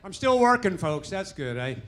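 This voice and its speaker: A middle-aged man doing a stand-up comedy set on a club stage, with punchy, animated delivery and a crowd laughing along. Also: high voice, moderate pace, slight background noise. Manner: punchy, animated joke delivery with character voices. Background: audience laughter.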